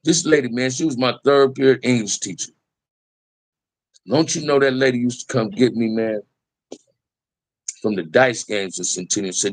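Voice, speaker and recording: A man's voice: medium pitch, normal speed, long pauses. A middle-aged man telling casual, profane life stories in a streetwise way, often calling the listener "man". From Los Angeles area. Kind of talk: casual storytelling.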